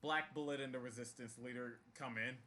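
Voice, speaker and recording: A man narrating as game master of a tabletop game, halting and full of fillers. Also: medium pitch, fairly even intonation, sharp tone, a little hiss or hum.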